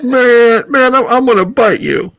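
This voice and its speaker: A man putting on the voice of a gruff male guard dog who stammers and threatens to bite. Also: very high-pitched, animated, measured pace, crowd noise, voice pushed up, full character voice. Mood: threatening.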